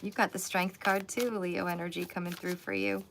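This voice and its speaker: A woman doing a live tarot reading, chatty and excitable, laughing often. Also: lowish voice, moderate pace, vocal fry, noisy background. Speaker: tarot reader.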